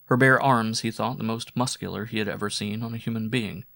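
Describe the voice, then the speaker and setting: A man narrating a weird-fiction audiobook in measured, descriptive storytelling. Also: lowish voice, steady tone, gravelly, fairly bright tone, no echo, clean studio sound. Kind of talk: scripted narration.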